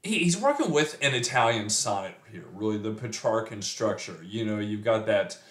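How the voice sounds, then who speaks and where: A man reading a sonnet aloud, then explaining it like a teacher, often pausing with fillers and restarting. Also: lowish voice, lively intonation, a bit bright. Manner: slow and measured, with frequent fillers and restarts. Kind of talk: poetry reading and lesson. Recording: roomy echo.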